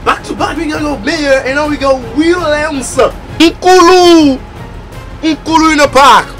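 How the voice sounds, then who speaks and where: A man commenting on his video game pack opening, excitable and bursting into loud exclamations. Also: very high-pitched, unhurried, faint music behind. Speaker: gaming YouTuber.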